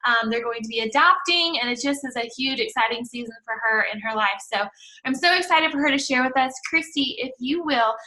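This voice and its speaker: A woman leads an online team call. Her voice sits very high with a sharp, bright edge. She gushes warmly over her guest and everyone who joined. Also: a little fast, poor audio. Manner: upbeat, effusive, welcoming. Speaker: team leader and call host.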